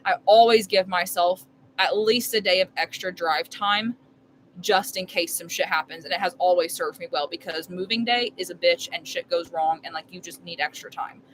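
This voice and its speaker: A woman's voice: fairly low pitch, moderate pace, slight background noise, rough recording. A young woman streaming live from her RV while making dinner, telling a long story in a rambling, emphatic way full of filler words. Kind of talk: casual storytelling chat.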